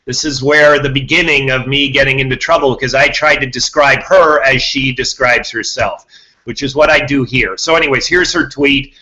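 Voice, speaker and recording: A man's voice: medium pitch, normal speed, pushed and bright, rough recording. A man hosting a podcast, talking to his listeners in a rambling monologue, repeating himself and restarting words. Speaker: podcast host.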